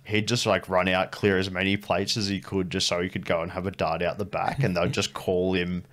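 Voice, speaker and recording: An Australian man, guest on a podcast, rambling through a story with lots of swearing and animated impressions. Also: sits low, brisk. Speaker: guest, host's brother. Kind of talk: casual storytelling chat.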